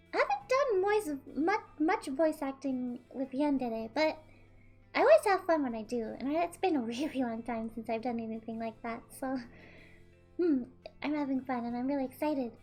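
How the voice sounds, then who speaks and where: High, bubbly woman streamer. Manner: bubbly, giggly, thanks chat often. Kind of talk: live game stream chat.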